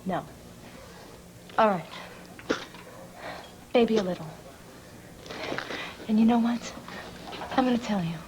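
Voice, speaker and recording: An actress playing a proud young woman cop who talks in a brisk, guarded way. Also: a little high, noisy background.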